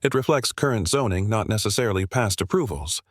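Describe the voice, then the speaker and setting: A man doing a measured county clerk. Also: lowish voice, animated, no echo, clean studio sound. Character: careful male county zoning clerk.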